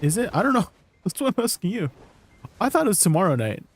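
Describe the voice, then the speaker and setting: A man's voice: sits high, sing-song, fast, slight background noise. Chatty male game streamer. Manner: chatty, rambling, questions chat often, laughs easily. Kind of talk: casual livestream chat.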